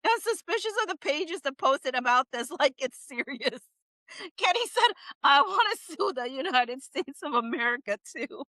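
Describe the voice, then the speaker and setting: A woman's voice: high-pitched, very animated, normal speed, sharp tone, no echo, rough recording. A young woman giving casual live-stream commentary, reading chat comments and laughing often in incredulous disbelief.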